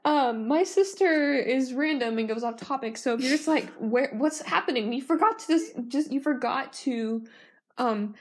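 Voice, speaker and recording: A woman co-hosting a casual home video with her sister, teasing her and telling her to slow down. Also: sits high. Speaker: co-host of a home video channel. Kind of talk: casual chat.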